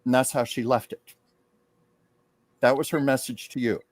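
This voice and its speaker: A man's voice: medium pitch, steady tone, dry recording. Earnest guy psychic host chatting about a message, medium voice, dry sound. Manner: earnest, heartfelt, slows down to read aloud. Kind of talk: casual talk, reading out a channeled message.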